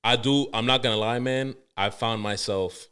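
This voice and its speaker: Animated, profane podcast host man. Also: mid-range voice, moderate pace, clear, resonant tone. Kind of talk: casual chat.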